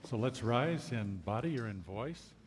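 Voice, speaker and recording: A man leading a church congregation, softly inviting everyone to sing along. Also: mid-range voice, lively intonation, a little slow, big-room sound, a little hiss or hum. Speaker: song leader. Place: church sanctuary.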